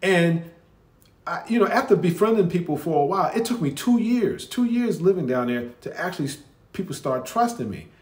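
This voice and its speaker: A man's voice: high-pitched, lively intonation, fairly quick, roomy sound. A man with a Northeastern US accent reacting to a video, talking candidly and conversationally, often restarting and repeating himself. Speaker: commentary video host. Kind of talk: reaction commentary.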